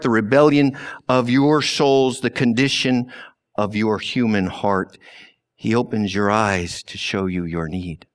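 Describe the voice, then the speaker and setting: A man preaching a sermon slowly and deliberately, with long pauses and sudden drops to a hush. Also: medium pitch. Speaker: pastor.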